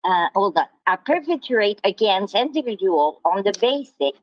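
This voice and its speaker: A woman in a heated monologue, talking in halting bursts with restarts and insults. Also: medium pitch, big pitch swings, no room sound, highs cut off. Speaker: livestreamer.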